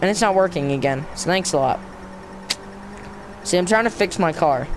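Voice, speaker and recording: A young man giving casual let's-play commentary on a racing game, talking to the game and himself in slang and often breaking into frustrated yelling. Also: high-pitched, normal speed, background noise. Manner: excitable, frustrated, bursts into yelling outbursts; talks to the game and himself, slangy, "dude" and "bro". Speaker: gamer narrating his own play.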